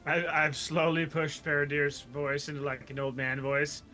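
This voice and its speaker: A man with a slightly raised pitch and a bright, sharp tone plays a tabletop game. He thinks out loud, working through his reasoning in casual chat. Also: level tone, normal speed, soft background music. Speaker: player.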